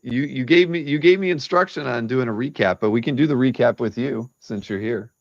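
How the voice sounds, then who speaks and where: A man's voice: medium pitch, fairly quick, vocal fry, no room sound, muffled recording. A man hosting a live art-sale stream, chatting casually and rambling with many restarts.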